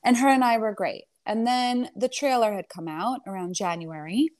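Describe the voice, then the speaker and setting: A woman guest in a casual chat, telling a long family story in a rambling, animated way. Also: fairly high pitch, normal speed. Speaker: interview guest.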